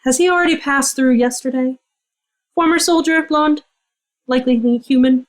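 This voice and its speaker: A gentle spirit of arrivals, courteous and earnest, pleading her case with soft apologies, played by a woman. Her voice sits fairly high. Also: normal speed, close to an everyday voice. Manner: polite and apologetic, softly pleading.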